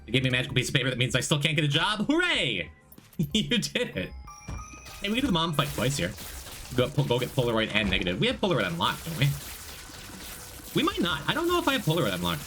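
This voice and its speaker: Guy streaming games, bright voice, bouncy pitch, rambles n jokes w chat. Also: huge pitch swings, fast talker, faint music behind. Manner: rambling, reads and answers chat, joking. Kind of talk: casual live-stream chat while gaming.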